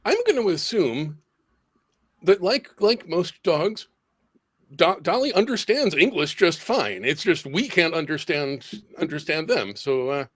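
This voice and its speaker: A man's voice: fairly high pitch, big pitch swings, measured pace, breathy edge. A man playing a tabletop role-playing game, hesitant, with lots of ums and restarts. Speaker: player. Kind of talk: in-character tabletop play.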